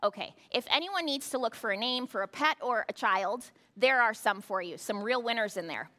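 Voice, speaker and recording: A woman's voice: a little high, expressive, normal speed, pushed and bright. A woman pastor giving a sermon, talking conversationally with rhetorical asides to the congregation. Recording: long hall reverb.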